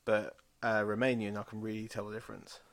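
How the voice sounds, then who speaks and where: A man in his thirties from England rambles through sweary, laugh-filled anecdotes while co-hosting a casual podcast. His voice sits on the low side, with a flat delivery and a fairly quick pace.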